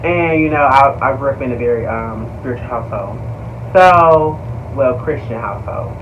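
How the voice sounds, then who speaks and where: A young man telling a story to viewers in a casual vlog, animated, slangy and profane, calling his audience y'all. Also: medium pitch, normal speed, far from the mic, dull audio, a little hiss or hum. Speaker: vlogger.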